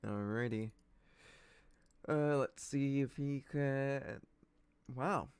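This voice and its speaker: A man's voice: mid-range voice, extremely slow, background noise. A man narrating as game master in a casual, laughing way, with lots of ums.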